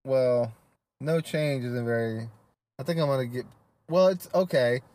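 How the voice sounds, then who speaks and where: A man's voice: mid-range voice, a little slow, a little mellow. A young man co-hosting a casual podcast chat, laid-back and blunt, teasing his friend. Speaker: podcast co-host.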